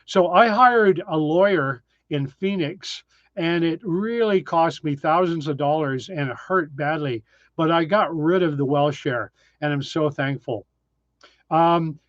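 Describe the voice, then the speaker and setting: A man's voice: a little high, no room sound, dull audio. A man hosting a casual live stream from his cabin, chatting and answering viewer comments with lots of ums. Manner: chatty, reads viewer names, frequent ums. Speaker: live-stream host reading chat. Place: tiny desert cabin, indoors.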